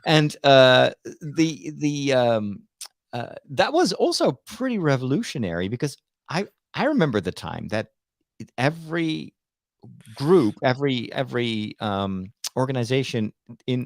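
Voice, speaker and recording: A priest from the Netherlands, co-hosting a casual chat about church news, talking in a chatty, halting way with many fillers and restarts. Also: male voice, mid-range voice, very animated, no echo, clean studio sound. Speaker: priest and co-host.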